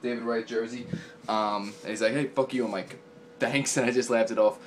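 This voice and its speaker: A man's voice: fairly low pitch, flat delivery, brisk, a little hiss or hum. A young man recapping a sports series in a casual vlog, opinionated and profane, with lots of ums and restarts. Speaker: sports fan vlogger.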